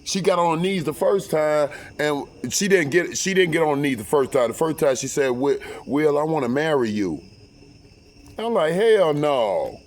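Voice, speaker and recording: Profane, animated man telling a story. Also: on the high side, normal speed, hardly any pauses, slight background noise. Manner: profane, animated, acts out quotes loudly; repeats and restarts words. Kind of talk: casual storytelling.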